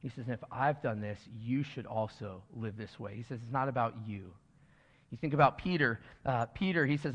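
A man's voice: mid-range voice, moderate pace, a bit bright. A man preaching a sermon as pastor, earnest and rising to emphatic points, with casual fillers. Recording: dull sound in a long reverberant hall.

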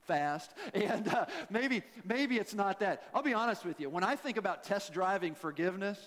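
A man's voice: sits high, expressive, normal speed, a bit bright, big-room sound. A man preaching a sermon as a pastor, folksy and joking, with self-deprecating asides.

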